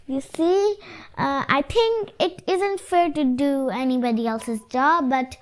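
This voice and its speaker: A woman reading a picture book aloud to children, stopping to explain it with halting asides and fillers. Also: high-pitched. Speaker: storyteller.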